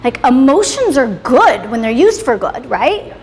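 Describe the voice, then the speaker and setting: A high, sing-song voice, a little slow, belongs to a thirtysomething woman running a motivational class in a salon set in a roomy hall. She talks emphatically, swears freely and caps her points with "right?", while the reverberant room carries faint background noise.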